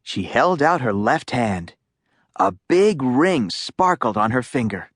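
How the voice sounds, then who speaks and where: A woman narrating a children's audiobook in a slow, lively storytelling voice. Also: extremely low pitch, slightly rough, no echo, studio quality.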